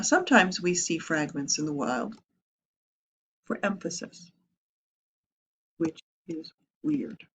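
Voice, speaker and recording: A woman teaching a grammar lesson, lively, explaining step by step and asking rhetorical questions. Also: fairly low pitch, breathy edge. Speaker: writing teacher.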